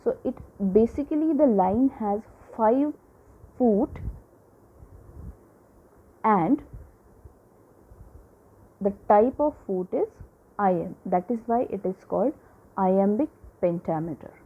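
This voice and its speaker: Woman teacher going over a lesson really slow, lots of okays, sounds tinny like a phone. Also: medium pitch, animated. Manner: slow, repetitive explaining with frequent "okay" and "right". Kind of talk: classroom lecture.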